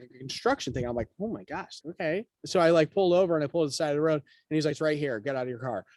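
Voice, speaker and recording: Man guest on a podcast, quick and lively raconteur, slightly high voice, dry close sound. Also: dry recording. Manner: animated, quick storyteller acting out quotes. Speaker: guest, real estate broker. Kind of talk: casual storytelling interview.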